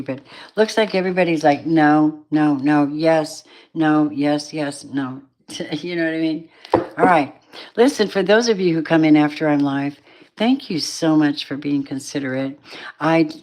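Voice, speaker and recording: A woman with a low voice gives a live tarot reading late at night. She sounds tired and drowsy. She rambles warmly and calls her viewers babies and darlings. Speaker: tarot reader.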